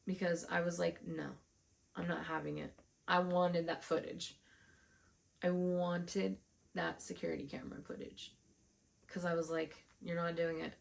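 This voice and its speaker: A woman telling a long storytime vlog in a slow, unhurried way. Her voice sits a little low and has a gravelly fry running through it. She sounds frustrated, swears freely and acts out what each person said. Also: little pitch movement. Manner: frustrated, swears often, retells with quoted dialogue. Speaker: vlogger.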